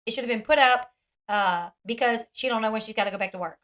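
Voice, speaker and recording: Woman vlog commentator, bright forceful tone, slightly high, blunt and sarcastic. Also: quick pace. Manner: blunt, sarcastic, mimics others mockingly. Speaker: commentary channel host.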